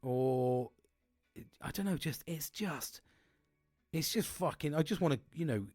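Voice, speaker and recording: A man's voice: fairly high pitch, expressive, a little slow, darkish tone, no room sound, studio quality, soft background music. A middle-aged man talking openly and emotionally about his struggles, rambling with many restarts and frequent swearing. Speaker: podcast host. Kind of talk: candid personal talk.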